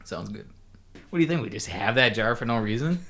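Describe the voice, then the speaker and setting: Laughing, bright-voiced podcast co-host man. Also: on the low side, lively intonation, fairly quick. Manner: laughs a lot, crude joking. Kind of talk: casual chat.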